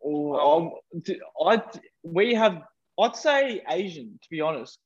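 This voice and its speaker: A man's voice: high voice, lively intonation, slow pace, slightly rough. Young Australian man, casual podcast guest, rambling, lo-fi recording. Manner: rambling, many fillers like "like". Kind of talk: casual chat. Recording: dull lo-fi sound.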